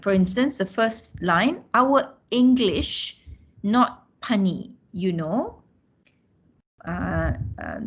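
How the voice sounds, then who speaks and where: A woman's voice: mid-range voice, breathy edge. Hesitant Malaysian woman lecturing. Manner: hesitant, many fillers and restarts. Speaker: university lecturer. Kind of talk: classroom lecture. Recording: dull lo-fi sound.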